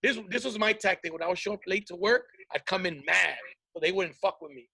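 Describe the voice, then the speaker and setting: This is a man hosting a comedy podcast. His voice sits high for a man, with a gravelly fry and a bright, forceful tone. He swears freely and tells stories by acting out the people in them. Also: a little fast. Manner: profane storytelling, acts out quoted voices. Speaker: podcast host. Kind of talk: casual comedic podcast chat.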